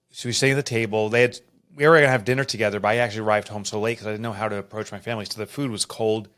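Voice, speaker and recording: A middle-aged man, an author and podcast guest, telling a personal story in an earnest, emotional and animated way. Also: lowish voice. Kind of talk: candid storytelling interview.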